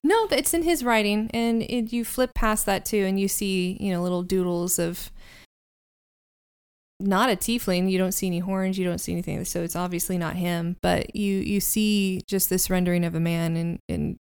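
A woman narrating as game master of a tabletop game, chatty and quick to laugh, with lots of fillers. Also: medium pitch, darkish tone, clean tone.

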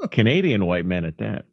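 A man's voice: fairly low pitch, creaky, background noise. A man co-hosting a podcast in casual chat, telling stories wryly. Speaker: podcast co-host. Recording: slightly dull, dry lo-fi sound.

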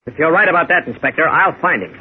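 A man's voice: on the high side, lively intonation, quick pace, a little hiss or hum, close to an everyday voice. A man playing an earnest, heroic reporter and superhero in a 1940s radio drama. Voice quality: earnest, commanding. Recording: tinny old radio recording with faint music.

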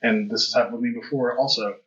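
A man's voice: medium pitch, fairly even intonation, fast talker, a bit bright. A man hosting a podcast, talking candidly and reflectively in a rambling conversational way. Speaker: podcast host. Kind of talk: conversational interview. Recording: dull lo-fi audio.

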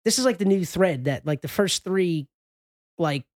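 Rambling young podcast host, dry sound. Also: male voice, high-pitched, expressive, moderate pace, darkish tone, no room sound. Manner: loose, rambling, swearing. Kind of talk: casual chat.

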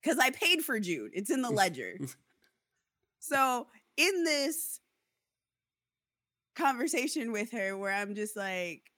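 A woman's voice: on the high side, a little slow, dry recording, studio quality. A woman in casual chat, angrily telling a story about a landlord dispute and acting out both sides. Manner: indignant, animated storytelling with mock quotes. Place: Seattle area.

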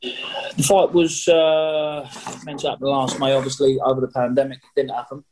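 A man chats over a video call with a cheeky, rambling manner. He jokes his way through answers in a middle-pitched voice, casual and full of fillers. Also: flat delivery, moderate pace, background noise. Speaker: boxer interviewee. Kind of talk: casual remote interview.

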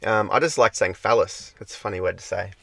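Male podcast co-host, gravelly voice, loose rambling delivery full of fillers. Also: lowish voice, quick pace, fairly bright tone, no room sound. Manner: rambling, with many fillers and hedges. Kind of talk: casual chat about films.

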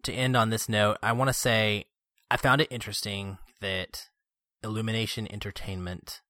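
A man in his thirties hosting a podcast, chatting casually and excitedly about a film with fillers. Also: on the low side, moderate pace, no room sound, clean studio sound. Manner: animated, excitable storytelling with filler words. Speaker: podcast host. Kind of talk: casual movie review chat.

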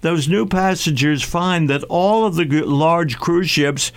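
Halting older male radio host, higher voice. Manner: halting, many restarts and fillers. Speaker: radio travel show host. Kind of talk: radio talk show discussion.

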